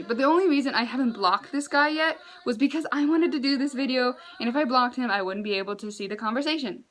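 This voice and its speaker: A woman's voice: fairly high pitch, lively intonation, a little fast, a bit bright, soft background music, low-quality recording. A young woman, a university student, telling a storytime vlog in an exasperated, ranting way with sarcastic asides. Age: young adult.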